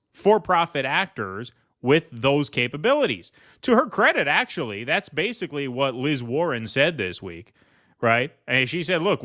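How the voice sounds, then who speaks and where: A man's voice: a little high, fairly bright tone. A man hosting a political commentary show, talking sarcastically and mockingly as he reacts to news clips.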